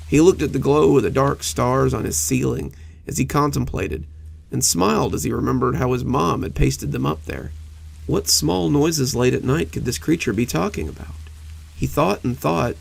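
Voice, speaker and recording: An older man telling cozy horror stories, his voice heavily creaky and husky. He narrates slowly and intimately, and his pitch moves in a lively way. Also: low-quality recording. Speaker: horror storyteller.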